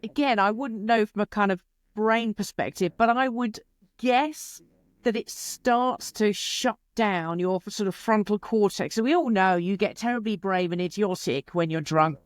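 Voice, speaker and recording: A woman, a creativity expert answering interview questions in an animated, chatty way, with quick asides and playful quotes. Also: mid-range voice, no echo, studio quality.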